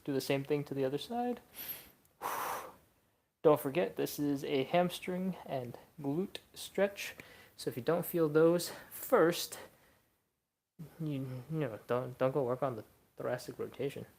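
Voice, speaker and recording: A young adult stretching instructor leading a live class, coaching casually and counting reps between breathy exhales. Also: medium pitch, measured pace, a little mellow.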